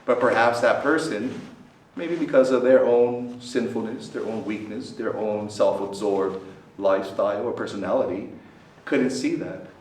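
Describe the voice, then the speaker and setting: A man, a priest, giving a talk to a student group. He keeps checking in with "right?" and swings his voice dramatically for emphasis. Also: moderate pace. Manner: keeps asking listeners questions, tags "right?"; lively, dramatic swings in pitch and loudness. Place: meeting hall at a student center. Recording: roomy echo, from a distance, faint background noise.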